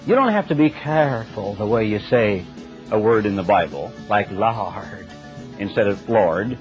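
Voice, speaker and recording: A man's voice: lowish voice, lively intonation, normal speed. A man preaching a broadcast sermon in a plain-spoken, emphatic, conversational way. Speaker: radio preacher. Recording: dull lo-fi radio broadcast with faint music.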